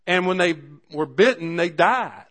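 A man with a notably high voice preaches a sermon. He talks in a homespun, fervent way and circles back to the same simple phrase again and again. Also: expressive, unhurried, fairly bright tone. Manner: fervent, repetitive, folksy.

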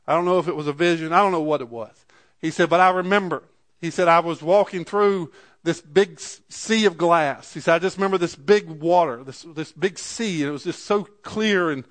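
A man's voice: a little high, a bit bright. A middle-aged male pastor preaching a sermon, telling a story in an earnest way and rising to fervent preaching.

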